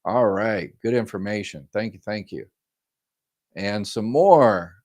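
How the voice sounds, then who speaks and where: Man, deep voice, live-stream host, reads viewer comments, casual chat, lots of ums. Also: slow, darkish tone. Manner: reads viewer comments aloud, then explains informally with many fillers; friendly, says "y'all" often. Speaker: host answering viewer questions.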